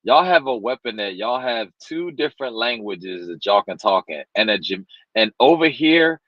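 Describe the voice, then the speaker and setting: A man's voice: fairly low pitch, animated, moderate pace, no room sound. A man chatting casually and animatedly in slang, laughing often, on a dull lo-fi line. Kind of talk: casual chat. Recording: dull lo-fi remote audio.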